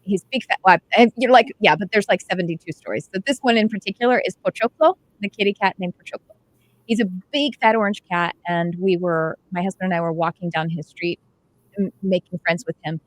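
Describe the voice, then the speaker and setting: A middle-aged woman hosting a casual chat, telling animated stories full of quoted dialogue. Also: on the low side, a little fast. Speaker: host, intuitive development teacher.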